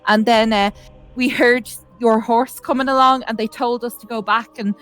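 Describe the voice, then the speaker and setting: Female player, higher voice, rambling recount, music underneath. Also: steady tone, moderate pace, fairly bright tone, clean tone. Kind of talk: in-character tabletop storytelling.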